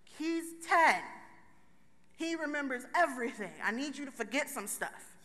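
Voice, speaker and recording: A woman speaks from a stage in a big conference hall. Her voice is high and bright. She talks to the crowd directly in a loose, joking way, and the long reverb of the hall trails after her words. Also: expressive, a little slow, slight background noise. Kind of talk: motivational talk to a live audience.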